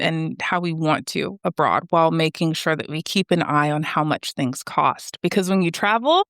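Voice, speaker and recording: A woman from the United States in her thirties, a podcast guest talking in a chatty, animated way with many fillers. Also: lowish voice, smooth, no room sound, studio quality. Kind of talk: conversational interview.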